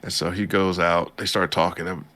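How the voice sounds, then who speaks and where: A man's voice: sits low, steady tone, normal speed, a bit bright. A man hosting a podcast, casually recapping an anime episode in a laid-back, slangy way and acting out the characters' lines. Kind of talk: casual chat.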